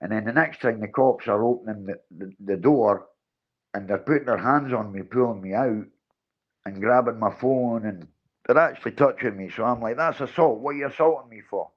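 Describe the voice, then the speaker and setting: A middle-aged man tells a story to his livestream viewers, animated and acting out the dialogue as he goes. His voice sits low, and the stream audio is dull and lo-fi. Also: normal speed. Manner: animated, acts out his own and others' lines. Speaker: livestream host.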